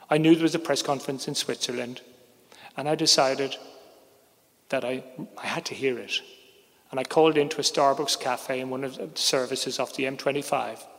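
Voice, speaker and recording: A middle-aged man, a sports journalist, telling a first-person story in a wry, measured way that drops quietly on heavy moments. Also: medium pitch. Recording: long reverb, hall-like.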